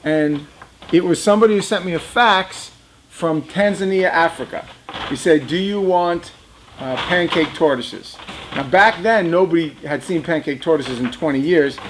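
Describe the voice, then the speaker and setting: A man's voice: on the high side, normal speed, fairly bright tone, a little hiss or hum. A man in his fifties casually telling a personal story, chatty and laughing often, talking straight to young viewers. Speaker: reptile business owner.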